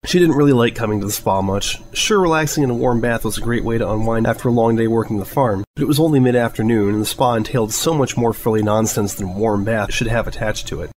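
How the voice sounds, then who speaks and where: A man narrating a fan story aloud in a steady, even reading voice. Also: mid-range voice, quick pace, few pauses, slight background noise, poor audio. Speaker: fanfiction reader. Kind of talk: audiobook narration.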